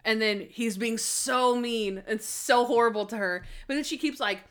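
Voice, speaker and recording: Her voice sits a little high and moves at a moderate pace. This young adult woman is a podcast co-host reviewing a TV episode in casual conversation, animated throughout and voicing the characters' lines as quotes.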